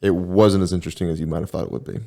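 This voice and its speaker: A young man co-hosting a podcast, chatting casually with a relaxed, rambling, deadpan manner. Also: sits low, racing, vocal fry. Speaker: podcast co-host. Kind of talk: casual chat.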